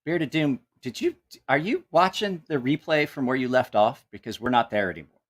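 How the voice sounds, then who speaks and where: A man's voice: medium pitch, sing-song, moderate pace. A man hosting a live stream, reacting in incredulous, mocking, profanity-laced rants and laughing at what he sees. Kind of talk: casual live-stream commentary.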